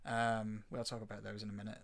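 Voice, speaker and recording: A man's voice: lowish voice, monotone, quick pace, gravelly. A man co-hosting a podcast, chatting casually with many fillers and acting out quoted lines. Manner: chatty, lots of fillers, acts out lines from the show. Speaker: podcast co-host. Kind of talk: casual chat about a TV show.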